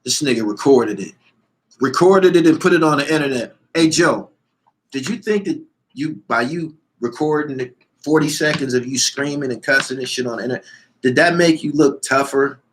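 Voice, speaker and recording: A man ranting loudly and profanely, reading out comments and answering them heatedly, repeating his lines for emphasis. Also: mid-range voice, normal speed, slight background noise. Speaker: show host.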